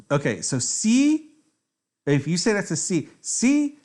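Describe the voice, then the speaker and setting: This chess streamer has a fairly high, sing-song voice with a darkish tone, speaking slowly with long pauses. He's tipsy from drinks, and his casual commentary wanders into trash talk, heavy swearing, and self-mockery.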